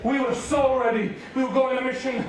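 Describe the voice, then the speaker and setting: Man preaching, very high voice, animated storyteller, distant mic in a booming hall. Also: brisk. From United Kingdom. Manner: animated, acts out voices, laughs often. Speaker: youth preacher. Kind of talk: storytelling sermon. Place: large hall at a school rally.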